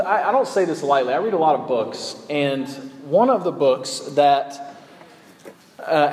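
A man preaches to his congregation in a relaxed, conversational way, pausing often on ums and uhs. His voice sits a bit high for a man. The sound carries a long reverb from a large church sanctuary. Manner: conversational preaching with frequent fillers. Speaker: pastor. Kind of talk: sermon.

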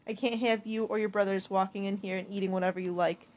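A woman's voice: mid-range voice, fairly even intonation, quick pace, lightly acted. A woman voicing a stern mother who rations food, giving clipped commands and weary lectures in an audiobook. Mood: weary firm. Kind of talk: audiobook character voice.

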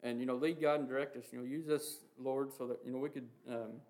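A man giving an informal, earnest sermon, talking haltingly with many fillers and reading scripture passages aloud. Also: medium pitch, fairly even intonation, darkish tone. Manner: halting, heavy with "you know" and "um" fillers. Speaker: preacher. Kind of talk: informal sermon on the Lord's Prayer.

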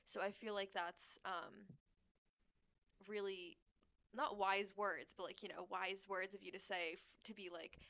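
A young woman in her twenties hosts a laid-back podcast chat. Her voice has a gravelly fry, and she rambles warmly and struggles to find her words. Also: mid-range voice. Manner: rambling, searching for words, supportive. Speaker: podcast host.

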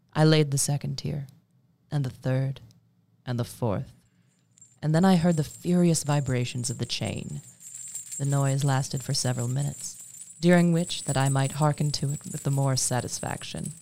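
A man with a gravelly voice reading a classic horror story as narrator and host, measured and dramatic. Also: mid-range voice, dark tone, no room sound. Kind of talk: scripted audiobook narration.

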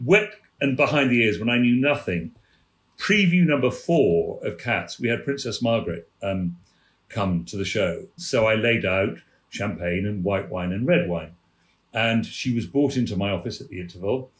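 Man telling lively anecdotes. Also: fairly low pitch, moderate pace, reverberant. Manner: animated storyteller, laughing mid-story. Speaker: theatre producer guest. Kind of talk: telling anecdotes on a radio chat show.

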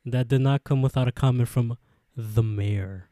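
A man's voice: mid-range voice, normal speed, warm tone, no room sound. A man co-hosting a podcast, recapping an episode in a laid-back way, laughing often and swearing casually. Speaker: podcast co-host.

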